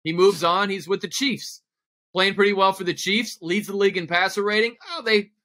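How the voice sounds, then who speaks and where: Bright-voiced, enthusiastic sports talk guest. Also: male voice, high-pitched, steady tone, normal speed. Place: radio studio. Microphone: studio microphone.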